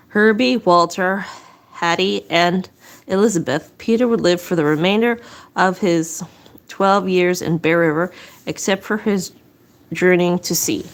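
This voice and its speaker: Casting note: woman narrator, a bit low-pitched, reading history aloud casually, short of breath, restarts lines, drops dry asides. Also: unhurried. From southwest Nova Scotia. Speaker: storyteller reading local history.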